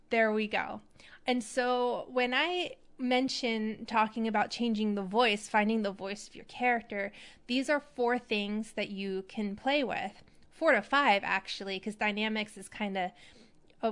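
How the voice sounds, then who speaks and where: A woman hosting an acting advice show, talking in a chatty, animated way. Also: mid-range voice, clean tone. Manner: chatty, animated, demonstrates voices. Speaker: podcast host.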